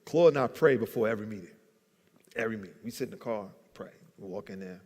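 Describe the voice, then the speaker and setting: A man's voice: fairly low pitch, fast talker, darkish tone. A man telling a business story at a church event, acting out the people he quotes. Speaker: guest entrepreneur. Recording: long hall reverb.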